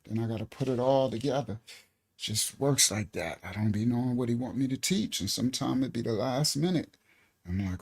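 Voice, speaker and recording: This man hosts a relaxed livestream Bible study on a desk mic, speaking fairly quickly in a medium-pitched voice that's creaky and husky. He's loose and talkative, laughing and dropping "all right" frequently.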